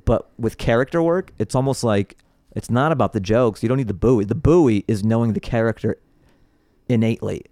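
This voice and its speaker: A male comedian guest on a podcast, telling stories in an animated, casual way and laughing often between phrases. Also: mid-range voice, fairly quick, no room sound, clean studio sound.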